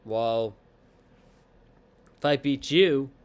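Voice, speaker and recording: A man's voice: medium pitch, extremely slow, clean tone. A man lightly raising his voice to mimic a cheeky woman wrestler taunting her rival while retelling a show. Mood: teasing.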